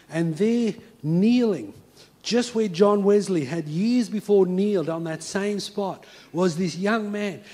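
A man preaching to his congregation and to viewers at home, his voice sitting a little high for a man. He tells his story with a preacher's rhythm, then sinks to a hushed, quiet tone as he leads into prayer. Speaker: pastor. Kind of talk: sermon. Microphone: speaking to a congregation and viewers at home.

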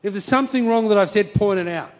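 Eager, bold teenage boy, insistent and excited, put on by a male preacher. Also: high voice, fast, close to an everyday voice.

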